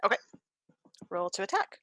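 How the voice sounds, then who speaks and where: A woman running a tabletop game as game master, describing the action in a relaxed, loose way with fillers. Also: moderate pace, slight background noise.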